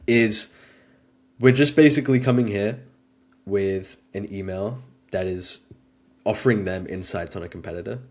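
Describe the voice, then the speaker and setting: Man, lowish voice, relaxed, step-by-step explainer, casual walkthrough. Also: normal speed. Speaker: guest demonstrating software. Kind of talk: casual screen-share walkthrough.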